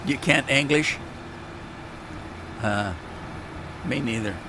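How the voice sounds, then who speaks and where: Guy rambling slow over his farm game stream, lots of hum behind him. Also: mid-range voice. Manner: rambling, joking to chat. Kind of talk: casual gameplay commentary.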